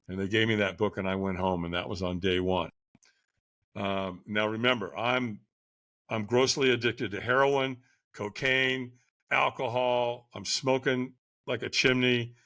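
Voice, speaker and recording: An older man, a podcast guest, telling his life story candidly in a conversational way and getting animated when he acts out others. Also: on the low side, no room sound, studio quality.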